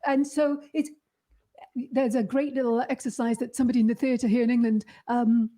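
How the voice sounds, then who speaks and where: A woman hosting an interview chat, warm, laughing often and talking in loose restarts. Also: fairly high pitch, level tone, a little fast. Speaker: host.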